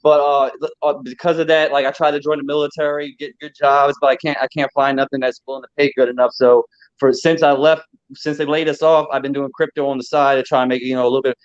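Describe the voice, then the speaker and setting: A man from Baltimore calling in after winning a giveaway, talking excitedly and laughing with nerves. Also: medium pitch, fast talker, clean tone, no echo. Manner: excited, breathless, laughs a lot. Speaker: giveaway winner, caller. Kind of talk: casual call-in chat. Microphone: remote call with bad connection. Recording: muffled lo-fi call audio.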